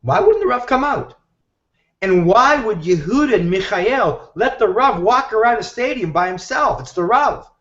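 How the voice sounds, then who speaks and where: A man telling a story in an animated way and acting out the voices of the people he quotes, heard over a live video call. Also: high voice, normal speed. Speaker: guest teacher. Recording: echoey, dull video-call audio.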